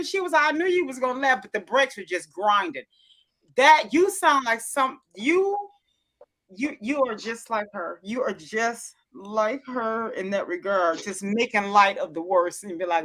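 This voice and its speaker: A woman's voice: a little high, lively intonation, moderate pace, sharp tone. A woman telling a rambling story in casual livestream chat, restarting sentences often and voicing what others said. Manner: rambling storyteller, many restarts, voices quotes.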